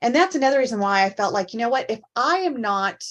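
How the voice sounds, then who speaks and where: A woman co-hosting a casual talk show, telling personal stories in an animated, candid way. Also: on the high side, fast talker, muffled recording. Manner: animated storyteller, acts out quoted voices. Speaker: co-host. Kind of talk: casual chat.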